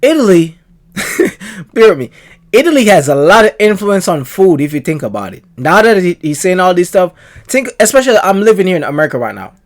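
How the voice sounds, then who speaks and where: A man reacts to a clip in loose, chatty bursts, full of slangy asides. His voice sits a touch high and swings up and down a lot as he talks. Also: sing-song, fast talker. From Jamaica. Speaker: video reactor. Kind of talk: casual reaction commentary.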